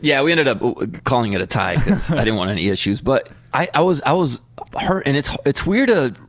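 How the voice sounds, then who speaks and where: A man's voice: medium pitch, big pitch swings, a little fast, no echo. A man in his thirties, a podcast co-host telling a long story in casual chat and acting out the voices in his quotes.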